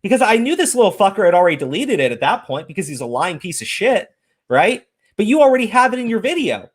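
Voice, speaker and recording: Ranting, profane man with a lively voice. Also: high voice, quick pace, breathy edge. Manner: profane, ranting, incredulous outbursts. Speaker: podcast host. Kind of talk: heated casual commentary.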